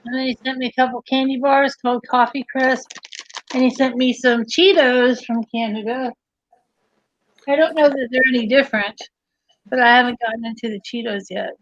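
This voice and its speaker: A woman's voice: on the high side, fairly even intonation, moderate pace, slight background noise. A woman hosting a casual livestream, chatty, giggly and rambling, on dry, slightly dull audio. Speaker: livestream host.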